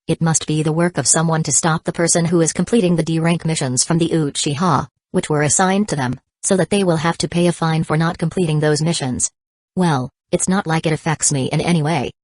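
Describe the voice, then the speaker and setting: A woman voicing a calm, self-assured nine-year-old boy ninja in an audiobook. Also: sits low, a little fast, no room sound, studio quality. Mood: steady.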